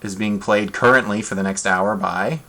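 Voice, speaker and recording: A man's voice: on the low side, steady tone, normal speed, bright, forceful tone. A man running a tabletop game as game master, laid-back and chatty, on a desk mic.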